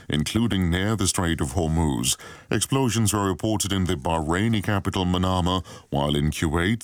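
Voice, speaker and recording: A man reads the radio news in a formal, measured manner. His voice is deep, and the studio sound is dry and close. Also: no room sound. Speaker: newsreader. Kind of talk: news bulletin reading. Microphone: studio mic.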